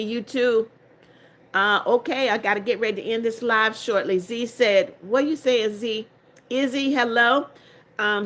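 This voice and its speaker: A woman's voice: medium pitch, fairly bright tone. Older lady on a livestream, all congested, reading comments out and talking back to them, pretty blunt. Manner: chatty and blunt, answers comments one by one. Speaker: livestream host. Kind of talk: reading viewer comments aloud.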